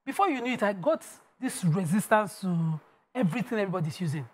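A woman with a Nigerian accent co-hosting a casual panel chat. She is an animated storyteller and slips into Pidgin phrases. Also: medium pitch, fast. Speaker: co-host.

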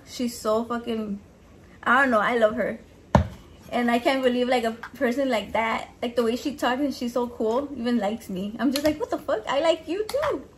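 Some hiss or hum can be heard as this slightly high-voiced woman chats casually during cooking. A home cook vlogger from a Mexican background, she swears a lot, keeps things lively, and drops Spanish words into her English.

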